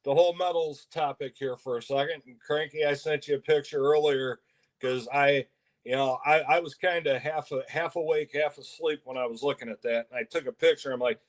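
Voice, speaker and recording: A man co-hosting a casual live stream, telling a story in a rambling, halting way. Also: fairly high pitch, fairly even intonation. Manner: rambling, halting, laughs often. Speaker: co-host.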